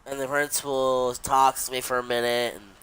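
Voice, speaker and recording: A man's voice: medium pitch, flat delivery, moderate pace, fairly bright tone, smooth. A young adult man casually telling a long story while he streams a game, rambling and swearing, with many restarts.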